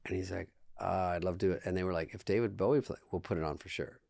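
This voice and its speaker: Male podcast guest, low-ish pitch, deadpan storyteller, dead-dry studio sound. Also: fast, gravelly, dry recording. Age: 20s. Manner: dry, deadpan anecdotes with quoted dialogue. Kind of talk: casual storytelling chat.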